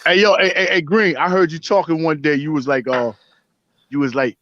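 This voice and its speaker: A man calling into a casual chat show, talking fast and animated. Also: fairly high pitch, no room sound. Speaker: caller. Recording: dull lo-fi phone call.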